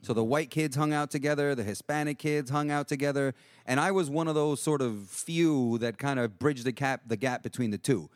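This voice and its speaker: A man's voice: medium pitch, normal speed, hardly any pauses, no room sound, clean studio sound. A middle-aged man, telling a rambling street story in casual chat and swearing freely. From Jackson Heights, New York. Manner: profane, rambling, acts out voices.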